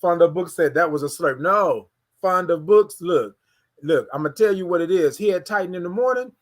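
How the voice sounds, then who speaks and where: A man from Houston hosting a casual morning livestream, greeting viewers and hyping up the chat. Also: high voice. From Houston, Texas. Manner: energetic, hypes the chat, drawn-out sung greetings. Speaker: livestream morning show host.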